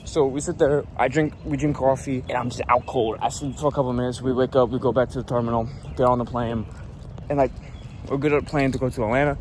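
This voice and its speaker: A man's voice: medium pitch, fairly even intonation, quick pace, darkish tone, slight background noise. A young man telling a travel story as a casual vlog rant, profane and annoyed, rambling with lots of fillers. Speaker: vlogger.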